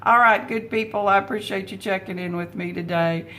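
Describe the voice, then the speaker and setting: A middle-aged woman talking at her desk at home in a casual personal vlog, unhurried and heartfelt, pausing often on fillers. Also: medium pitch, steady tone, a bit bright, slight background noise. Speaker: vlogger.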